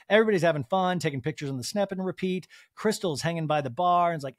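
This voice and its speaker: A man's voice: fairly high pitch, fairly quick, few pauses, no room sound, studio quality. A man hosting a podcast, recapping a reality show in a gossipy, joking way. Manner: gossipy, animated, giggling asides. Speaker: podcast host.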